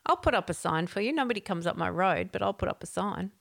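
Woman radio host, chatty and joking, mid-pitched voice. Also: expressive, vocal fry, a loud crowd. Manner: chatty and joking, mocks others in quick asides. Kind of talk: casual radio chat.

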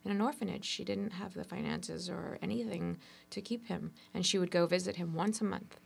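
A woman speaks in a low register with a gravelly edge to her voice. She tells her story as an interview guest, animated and expressive. Her talk moves between excitement and quieter reflection. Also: a little fast. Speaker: entrepreneur guest.

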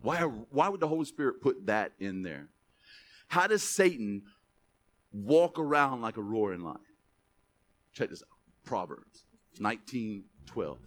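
A man preaching a sermon as pastor, reading verses slowly with emphasis, then dropping into quick asides to the church. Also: medium pitch. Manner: animated, stretches scripture words for emphasis, drops to asides.

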